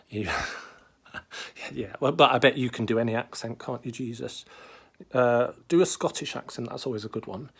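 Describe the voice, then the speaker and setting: A man's voice: mid-range voice, normal speed, fairly bright tone, breathy edge. A man hosting a comedy show, interviewing a guest in a hesitant, rambling way with many fillers and restarts. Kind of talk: comic improvised interview.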